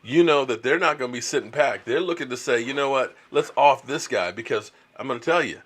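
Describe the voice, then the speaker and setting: A man's voice: a little high, fairly bright tone. Chatty middle-aged man hosting a stream. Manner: chatty, reads viewer comments aloud. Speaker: live stream host. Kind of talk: casual live stream chat about football.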